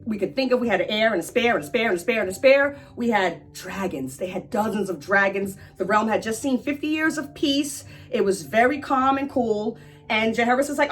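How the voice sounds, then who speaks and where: A woman's voice: fairly high pitch, slightly rough. A woman hosting a casual explainer, chatty and irreverent, who swears now and then. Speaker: pop-culture explainer host.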